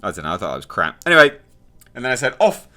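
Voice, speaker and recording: Sarcastic man with a lively voice. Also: lowish voice, rapid-fire. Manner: sarcastic, exasperated, mocking impressions. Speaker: TV show reviewer. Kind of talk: casual spoken review.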